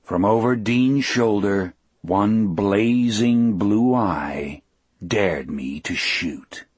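A man's voice: fairly low pitch, very slow, husky, no room sound. A man reading a novel aloud as a first-person audiobook narration, telling it dramatically.

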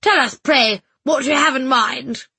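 Woman voicing a haughty bossy matriarch, sharp, loud, falsely sweet, breathy voice. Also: a little high, fairly quick, no room sound, full character voice. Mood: snappish. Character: haughty, domineering choir matriarch. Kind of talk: audiobook character voice.

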